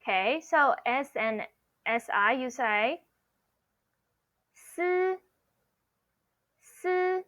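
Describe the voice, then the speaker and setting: Speaking slowly in a fairly high, sharp voice, a woman teaches Mandarin pronunciation online, patiently repeating sounds for learners to imitate and frequently saying "okay." The recording is dry, with a dull lo-fi sound.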